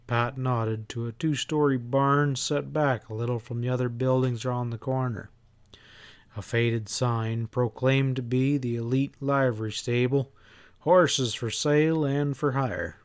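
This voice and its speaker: A male audiobook narrator reading at an unhurried, slow pace. His tone is smooth and resonant, and each line comes out steady and measured. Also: medium pitch.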